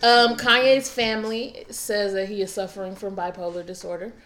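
A woman's voice: mid-range voice, little pitch movement, normal speed, reverberant, crowd noise. A woman co-hosting a podcast in casual chat, speaking tentatively with fillers. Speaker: podcast co-host.

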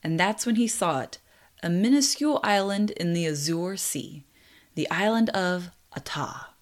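A young woman tells a true adventure story with lively energy. Her voice sits a touch low for a woman, and she breaks off now and then for casual, apologetic asides. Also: unhurried. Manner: lively, laughs at own slips, apologetic asides. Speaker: narrator.

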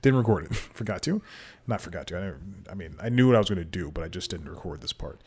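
A man's voice: low-pitched, lively intonation, fast talker, darkish tone, breathy edge. A man hosting his podcast alone, rambling casually and self-deprecatingly, laughing often between thoughts into a desk microphone at home. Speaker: podcast host. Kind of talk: casual solo podcast monologue. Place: home room with TV playing behind.

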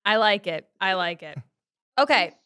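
A woman co-hosting a podcast, lively and blunt, swearing casually as she asks questions. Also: mid-range voice, unhurried, clean tone. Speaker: podcast co-host.

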